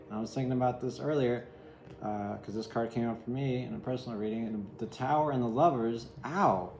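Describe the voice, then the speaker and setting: A man's voice: medium pitch, a little mellow, roomy sound, slight background noise, rough recording. Candid rambling man reading tarot. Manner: rambling, candid, swears and laughs often. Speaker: tarot reader.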